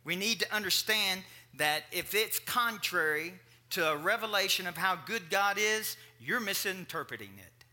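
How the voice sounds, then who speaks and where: A male preacher delivering a sermon with a high, lively voice that rises and dips all over. His tone is bright and cutting, and he talks in a casual, joking way with his congregation between points. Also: normal speed, hardly any pauses. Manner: joking asides, animated and conversational.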